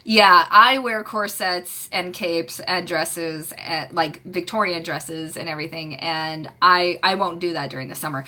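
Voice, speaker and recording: A woman's voice: on the low side, unhurried, few pauses, bright, forceful tone. A woman in her late twenties chatting casually on a live stream from home, rambling and giggling with lots of fillers. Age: late 20s.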